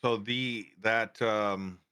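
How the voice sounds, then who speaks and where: A man's voice: lowish voice, fairly even intonation, extremely slow, bright, forceful tone, smooth. A man co-hosting a podcast, chatting casually and cracking crude jokes. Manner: crude joker, interjects. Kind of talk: casual chat.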